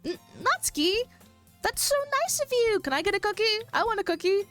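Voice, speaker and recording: A woman voicing a bubbly, cheerful teenage girl in a game read-aloud, speaking in an excitable, squealing way. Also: very high voice, fairly quick, faint music behind, pitched above the performer's own voice, exaggerated voice. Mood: giddy.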